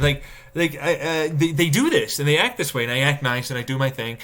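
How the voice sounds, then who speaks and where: A man live-streaming a casual rant, swearing and exasperated, mocking others with sudden high-pitched outbursts. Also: normal speed, hardly any pauses, fairly bright tone.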